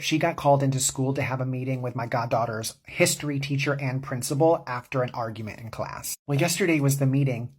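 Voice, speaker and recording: A man's voice: fairly high pitch, slightly rough. A man telling a comedic story in a sassy, gossipy way.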